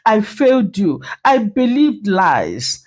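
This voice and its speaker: A woman's voice: medium pitch, very animated, takes it slowly, a little mellow. Woman voicing a remorseful husband. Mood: remorseful begging. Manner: earnest, pleading. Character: remorseful husband begging his wife.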